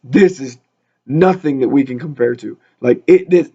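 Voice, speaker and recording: A man's voice: mid-range voice, moderate pace, warm tone, breathy edge. A man leading a casual Bible study, reading scripture aloud and then riffing on it with humor in a chatty way. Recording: dull lo-fi recording.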